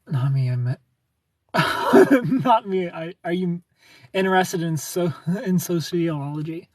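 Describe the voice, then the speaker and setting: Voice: medium pitch, animated, slow, a little hiss or hum. A young adult livestreamer chatting casually with viewers, sarcastic and laughing often as they answer comments by name. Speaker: livestreamer reading chat.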